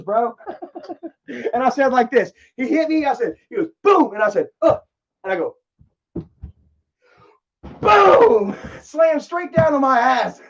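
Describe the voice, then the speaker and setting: On a live stream, a high-voiced man rambles through profane stories for his chat, laughing at his own tales. The audio sounds dull and lo-fi.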